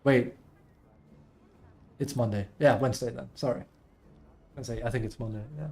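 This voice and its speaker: A man streaming live, chatting casually and reading posts aloud, excitable, laughing often and swearing casually. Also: mid-range voice, moderate pace, creaky.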